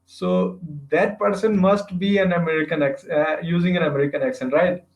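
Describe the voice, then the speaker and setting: A man practicing English in a casual conversation over a video call, searching for words with halting phrasing. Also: high voice, fairly even intonation, gravelly. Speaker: English learner. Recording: roomy, dull lo-fi video call audio.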